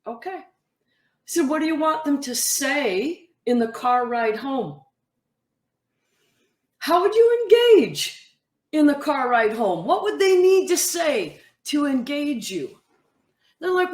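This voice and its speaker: A woman coach speaks to camera with a high, swooping voice, taking her time over each point. She slips into a brighter voice to act out the athletes she quotes. The room around her is echoey. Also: takes it slowly, pauses often. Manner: animated, acts out athletes' quotes in a higher voice. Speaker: mental toughness coach. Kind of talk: talking to camera, advice monologue.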